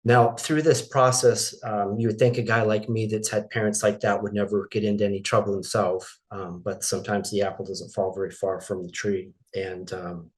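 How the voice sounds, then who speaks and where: A middle-aged man from Maine telling a painful personal story as an interview guest, halting and emotional, with many restarts. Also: on the low side, little pitch movement.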